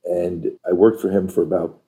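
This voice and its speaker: An older man from New York, an interview guest telling stories about his career in an animated, emphatic way. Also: low voice, normal speed. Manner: animated, emphatic storyteller who acts out quoted dialogue. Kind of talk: conversational storytelling.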